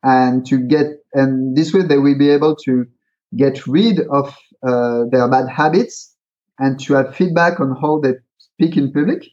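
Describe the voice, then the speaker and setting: A man's voice: mid-range voice, unhurried, darkish tone. Hesitant man, lo-fi sound. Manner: hesitant, many fillers and restarts, explains with examples. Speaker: guest, creator of a pitching card game. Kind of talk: casual interview talk. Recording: dull, lo-fi sound.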